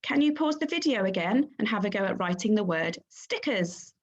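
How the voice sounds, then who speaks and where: A woman teaching a phonics lesson to young children, sounding out letters and syllables clearly and praising the class. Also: medium pitch, expressive, moderate pace, dull audio. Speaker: primary school teacher.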